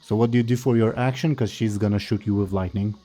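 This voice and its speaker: A man narrating a tabletop game as game master, explaining rules step by step in a measured way. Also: fairly low pitch, steady tone, warm tone, faint music behind.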